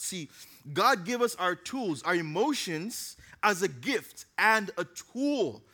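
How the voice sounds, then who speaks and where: A man's voice: high-pitched, bright, forceful tone. A man preaching a casual, conversational sermon to a youth group, with joking asides. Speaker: youth pastor.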